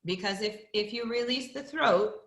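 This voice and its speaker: A woman's voice: mid-range voice, moderate pace, a bit bright, echoey room. A woman voice teacher coaching an opera master class over a video call, encouraging and singing phrases to demonstrate.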